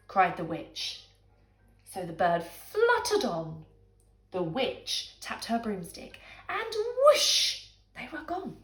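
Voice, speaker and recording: A woman reading a bedtime story aloud in a dramatic, animated way, dropping into whispers, in an echoey room with faint music. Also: on the low side, takes it slowly.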